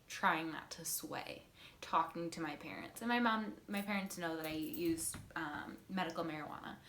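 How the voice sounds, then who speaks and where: A woman's voice: medium pitch, a bit bright. Giggly, rambling young woman in an echoey room. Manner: rambling, giggly, lots of fillers and restarts. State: stoned. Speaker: vlogger. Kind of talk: casual storytime monologue. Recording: roomy echo.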